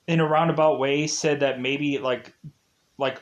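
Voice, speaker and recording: A man's voice: medium pitch, fairly even intonation, measured pace. A man reviewing a TV series in a casual, rambling recap, packed with "like" and "uh" and chuckling at the plot. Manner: rambling, leans heavily on "like" and "uh"; laughs at the plot while recapping. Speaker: TV show reviewer.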